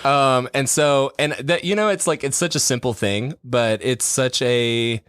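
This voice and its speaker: A young man co-hosting a podcast in casual chat, animated, laughing often and trailing off into restarts. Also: mid-range voice, unhurried, clear, resonant tone, dry recording, studio quality. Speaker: podcast co-host.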